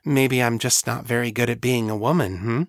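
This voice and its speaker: A man's voice: medium pitch, steady tone, normal speed, dry recording, clean studio sound, lightly acted. A man voicing a wry, guarded young androgyne woman in an audiobook, lifting his voice as he reads her. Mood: teasing. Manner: teasing, raised voice.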